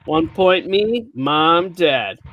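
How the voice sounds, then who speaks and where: A man's voice: on the high side, expressive, extremely slow, phone-quality sound. A man hosting a comedy podcast, riffing on jokes in casual chat and laughing often.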